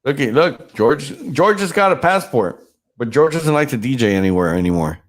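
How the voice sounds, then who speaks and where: A man's voice: mid-range voice, sing-song, moderate pace. A man hosting a casual podcast chat, teasing and swearing freely, with a stuffed-up nose. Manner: profane, joking, teasing. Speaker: podcast host and DJ.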